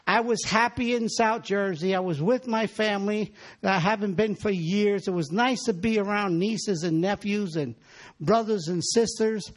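Man, high voice, preacher, church sermon, calls on the congregation. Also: normal speed. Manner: exhorting, asks the congregation for responses.

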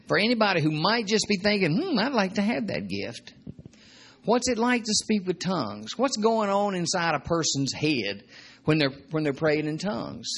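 A man's voice: high voice, animated, moderate pace, a bit bright. A man preaching a sermon in a conversational, joking way, often repeating his points. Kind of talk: sermon teaching.

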